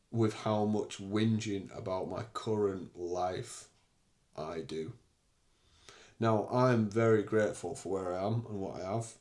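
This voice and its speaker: A man's voice: on the low side, darkish tone. A young man hosting a podcast, talking candidly and bluntly in a casual solo monologue, with the odd swear word. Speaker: podcast host.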